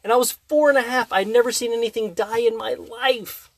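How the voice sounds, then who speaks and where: Animated man telling a story. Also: very high voice, brisk, gravelly, dry recording. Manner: animated storyteller who hums tunes and acts out scenes. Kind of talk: casual chat storytelling.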